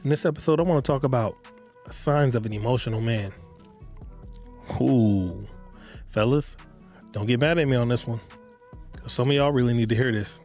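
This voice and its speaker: A man's voice: medium pitch, normal speed, pauses often, darkish tone, faint music behind. A man hosting his own podcast, talking bluntly and repetitively to his listeners in street slang. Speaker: podcast host. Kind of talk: casual monologue podcast.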